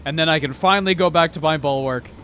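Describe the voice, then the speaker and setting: A man casually commenting while streaming a game, rambling and animated, swearing often. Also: a little high, quick pace, a little hiss or hum.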